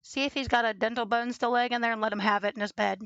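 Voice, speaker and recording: A young woman chatting casually at home while studying, cooing baby talk to her dog in a creaky voice. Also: fairly high pitch, fairly even intonation, fast talker, fairly bright tone, no echo, dull audio. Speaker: streamer. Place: home room with a desk and green screen.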